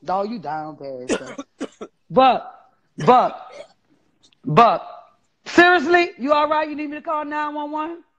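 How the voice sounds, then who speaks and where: High-voiced new guy in his 40s, loud and cussing, muffled lo-fi audio. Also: slow pace, pauses often. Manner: loud, profane, animated storytelling. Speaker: guest. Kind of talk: casual live-stream chat. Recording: dull lo-fi sound.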